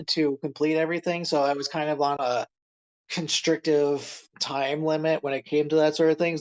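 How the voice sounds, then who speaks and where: A man chatting on a podcast, explaining himself in rambling, halting sentences full of restarts. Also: a little high, rough recording. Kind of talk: casual podcast chat.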